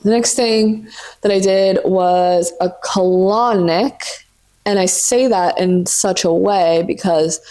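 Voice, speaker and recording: A woman's voice: mid-range voice, slow, warm tone. A woman in her twenties hosting a casual solo podcast from home, chatting freely with lots of swearing and "like" fillers. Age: 20s. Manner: chatty, profane, many "like" fillers. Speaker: podcast host. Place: sitting on the floor at home.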